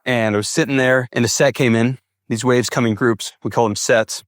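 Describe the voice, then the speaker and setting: A man's voice: mid-range voice, steady tone, normal speed, no echo, clean studio sound. A young man from California, a big wave surfer, recounting his experiences as a podcast guest and acting out his own thoughts as he tells them. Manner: vivid retelling with acted-out inner thoughts. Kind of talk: storytelling in a podcast interview.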